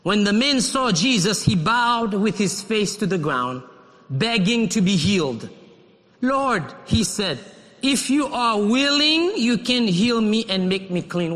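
A man from Haiti preaching a sermon, animated and acting out little dialogues as he talks. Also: high-pitched. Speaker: pastor. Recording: long reverb of a large hall.

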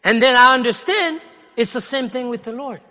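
A man preaching a sermon as a pastor, speaking in a casual, conversational way that builds to shouted exhortation. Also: extremely high pitch, moderate pace, in a large hall, highs cut off. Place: church sanctuary.

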